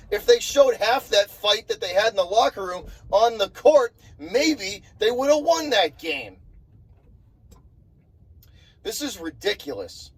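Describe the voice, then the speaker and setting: A man's voice: sits high, breathy edge, low-quality recording. A young man ranting angrily about his basketball team, swearing and repeating himself in exasperation. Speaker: sports vlogger. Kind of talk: fired-up sports rant.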